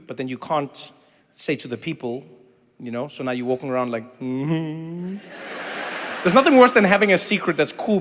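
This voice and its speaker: Born in South Africa, this comedian has a medium-pitched voice and performs stand-up in a big venue with a live crowd. He tells lively stories, banters with the audience, and often imitates other people's voices, while a long reverb tail and slight background noise linger.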